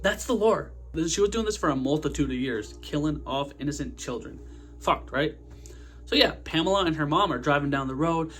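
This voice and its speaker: Young dude reviewing a horror movie, slangy, swears a lot, faint music behind. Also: male voice, on the high side, brisk. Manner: slangy, energetic, profane. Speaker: host of a movie review channel. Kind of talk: casual movie review vlog.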